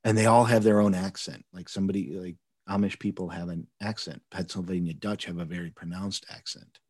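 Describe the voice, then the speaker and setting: Male co-host, lowish voice, dry close sound, relaxed and agreeable. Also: slightly rough, no echo. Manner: easygoing, quick agreeing backchannels. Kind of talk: casual chat.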